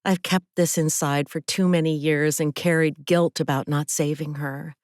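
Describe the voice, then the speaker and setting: A woman's voice: sits low, steady tone, moderate pace, darkish tone, no echo, clean studio sound. A woman author narrating her own thriller audiobook in an emotional first-person voice.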